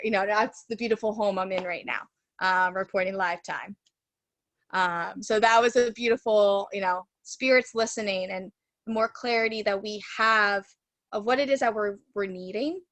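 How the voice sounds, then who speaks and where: A woman's voice: mid-range voice, a bit bright, no echo. A woman Reiki teacher telling a story in a casual, chatty way over a video call from her home, full of fillers. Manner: chatty, lots of "like" and "you know" fillers.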